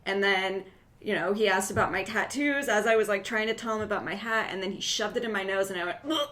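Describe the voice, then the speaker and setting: A woman's voice: mid-range voice, quick pace, fairly bright tone. A woman co-hosting a casual podcast, rambling through stories with lots of fillers and casual swearing. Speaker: podcast co-host.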